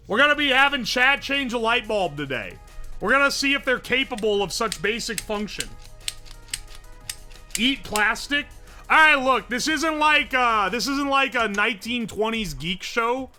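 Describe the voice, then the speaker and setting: A man's voice: sits high, unhurried, faint music behind. A man with an Appalachian accent chatting on a live stream, joking around and answering his chat's messages aloud. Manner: joking, animated, reads chat messages aloud and answers them. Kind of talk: casual live-stream chat.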